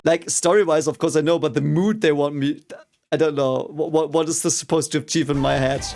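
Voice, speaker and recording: A young man with a German accent gives a loose, unscripted reaction, his voice slightly high and full of gravelly fry. He sounds exasperated and swears freely as he talks things through. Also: fairly even intonation, brisk, darkish tone, soft background music. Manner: frustrated, swears a lot, mock-cheering outbursts. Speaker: reaction video host. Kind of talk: casual reaction commentary.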